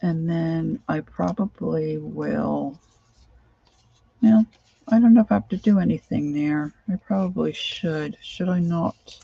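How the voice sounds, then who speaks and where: A sleep-deprived woman talks her way through a craft project, wandering from thought to thought and humming snatches of song. Her voice is dark and gravelly, and her pace is slow and unhurried. The recording sounds dull and lo-fi. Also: low voice, dry recording. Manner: rambling, sings and hums to herself while working. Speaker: crafting vlogger. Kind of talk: casual crafting chat.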